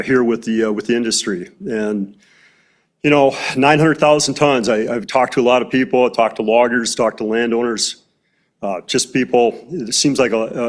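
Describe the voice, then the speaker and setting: A man, president of a forestry company, speaking plainly at a county board meeting with frequent hesitations. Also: medium pitch. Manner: plain-spoken, many "uh" fillers.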